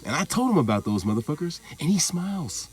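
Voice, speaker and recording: A man's voice: fairly high pitch, very animated, fast. A man talking in a casual monologue vlog, rambling and profane, laughing things off as he goes. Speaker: vlogger.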